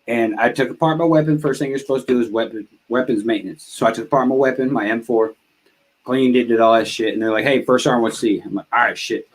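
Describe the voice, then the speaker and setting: A man talks casually as a podcast guest, retelling army stories with nonstop swearing and quick laughter. His quoted lines shoot up high. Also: rough recording. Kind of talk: casual storytelling chat.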